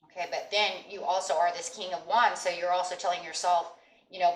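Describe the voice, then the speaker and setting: A woman's voice: lowish voice, steady tone, a little fast. A woman giving a casual, reassuring tarot reading to viewers, often checking in with "okay?" and "you know.". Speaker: tarot reader. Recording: echoey room with faint background noise.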